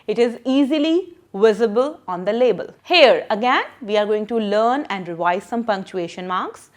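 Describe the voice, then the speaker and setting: A woman's voice: medium pitch, lively intonation, moderate pace. A woman teacher explaining a lesson to children, patient and repeating her questions.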